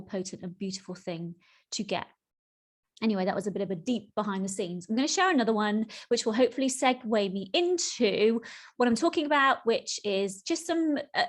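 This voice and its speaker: A middle-aged woman hosting her own podcast as a spiritual coach, talking in an earnest, heartfelt way and lingering slowly over the words that matter to her. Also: medium pitch. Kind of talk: solo podcast chat.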